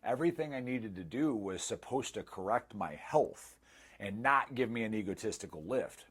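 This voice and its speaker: A man's voice: on the low side, lively intonation, normal speed, fairly bright tone, slightly rough. A man in his thirties giving a candid, self-mocking testimonial in casual storytelling style. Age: 30s. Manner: candid, self-mocking, acts out quoted dialogue. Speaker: former client giving a testimonial.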